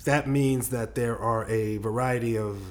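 A woman's voice: very deep voice, fairly even intonation, a little slow, slight background noise. A woman hosting an interview, giving brief affirming responses and introducing the guest. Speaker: host.

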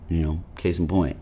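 A man talking as an actor guest in a casual interview, rambling with many "you know" fillers and animated storytelling. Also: sits low, husky. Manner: animated storytelling, voices his grandfather.

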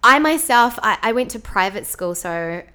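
A woman's voice: on the high side, normal speed, clean tone. New Zealand woman in casual chat. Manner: lively, laughs often, demonstrates accents. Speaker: guest.

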